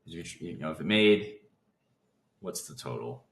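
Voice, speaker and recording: A man hosting a casual trading lesson. He talks fast, keeps breaking off his own sentences and restarts them. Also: extremely low pitch, animated, vocal fry, echoey room. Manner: fast talker who interrupts his own thoughts. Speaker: trading video host.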